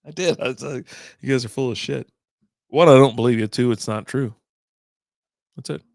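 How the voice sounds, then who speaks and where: A man's voice: medium pitch, normal speed, vocal fry, a little mellow, no room sound, clean studio sound. A middle-aged man hosting a beer podcast livestream, chatting in a rambling, casual way and swearing freely.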